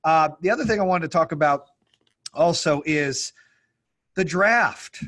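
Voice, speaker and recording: A middle-aged man hosting a podcast, chatting casually and telling lively stories, acting out what others said. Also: a little high, unhurried. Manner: animated storyteller, acts out quotes. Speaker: podcast host. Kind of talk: casual chat.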